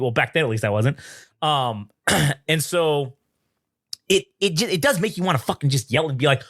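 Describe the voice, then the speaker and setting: A young man co-hosting a podcast, telling stories in a profane, animated way and mocking people in put-on voices. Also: on the high side, a little fast, no room sound, studio quality. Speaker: podcast co-host. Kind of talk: casual chat.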